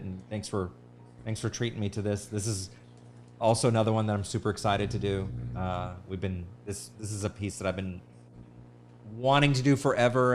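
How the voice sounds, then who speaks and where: A man's voice: fairly low pitch, slight background noise. A man hosting an art livestream, chatting in a rambling way, restarting his sentences and thanking viewers. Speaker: livestream artist host. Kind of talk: casual livestream chat.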